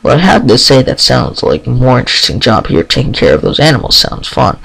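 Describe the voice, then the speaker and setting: A man's voice: medium pitch, very animated, a little fast, creaky, fairly bright tone, breathy edge, exaggerated voice, rough recording. A man reading the friendly, curious newcomer who asks questions and teases the ponies. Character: friendly curious young male stallion newcomer.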